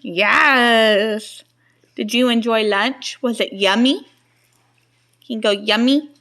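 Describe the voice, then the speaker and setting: A woman's voice: on the high side, takes it slowly, sharp tone. A mother talking to her small children in a home video, using coaxing, sing-song baby talk, asking simple questions and praising every answer.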